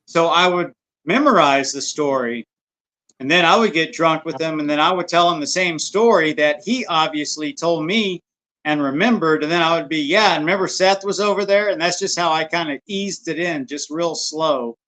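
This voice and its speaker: A man telling a story in a relaxed, casual way, stumbling over his words and repeating himself. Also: on the high side, moderate pace, low-quality recording. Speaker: podcast co-host.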